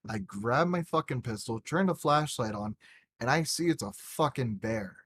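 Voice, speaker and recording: A man's voice: medium pitch, animated, normal speed, a bit bright, husky. A young man co-hosting a podcast, drunk and rambling, swearing through every story. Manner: rambling, heavy swearing, tipsy. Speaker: podcast co-host. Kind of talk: casual chat.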